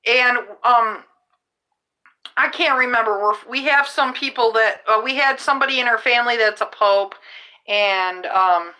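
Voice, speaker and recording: A woman's voice: on the high side, normal speed, sharp tone, low-quality recording. A middle-aged woman, a rideshare driver, hosting a podcast in a casual, rambling way, often restarting her sentences. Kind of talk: casual chat.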